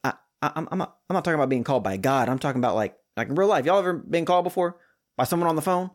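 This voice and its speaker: A man hosting a podcast sermon, animated and lively, jumping high for jokes and sinking to hushed emphasis. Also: very fast. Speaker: podcast host and preacher.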